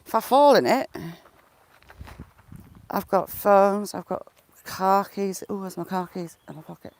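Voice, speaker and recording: A woman's voice: medium pitch, animated, unhurried, darkish tone. A woman chatting to viewers as she walks along a river outdoors, laughing often and talking to herself, recorded on a handheld phone. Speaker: vlogger. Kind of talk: casual walking vlog, chatting to live viewers.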